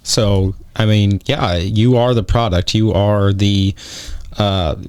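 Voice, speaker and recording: Male podcast co-host, smooth resonant voice, dry sound, emphatic and repetitive. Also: on the low side, steady tone, slow, darkish tone, dry recording. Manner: emphatic, repeats his points. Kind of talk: casual podcast conversation.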